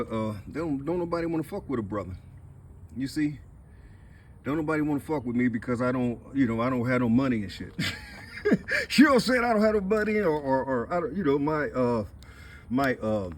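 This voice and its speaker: A man's voice: on the high side, a bit bright, a little hiss or hum. Rambling, tearful middle-aged man. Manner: rambling, repetitive, profane, full of "you see". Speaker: vlogger. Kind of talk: rambling emotional monologue.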